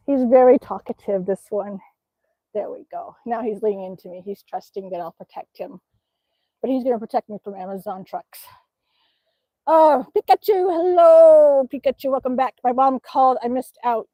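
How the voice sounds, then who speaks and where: A woman's voice: on the high side, no room sound. Chatty woman cooing to her dog. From Alaska. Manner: chatty, laughs often, coos softly to her dog. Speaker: livestream host reading chat. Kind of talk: casual livestream chat.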